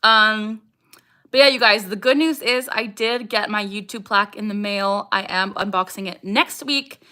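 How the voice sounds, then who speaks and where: With a mid-range voice that sounds pushed, bright, and smooth, this young Canadian woman speaks at a moderate pace on her casual livestream. She chats and reads out viewer comments, her speech interrupted by vocal tics.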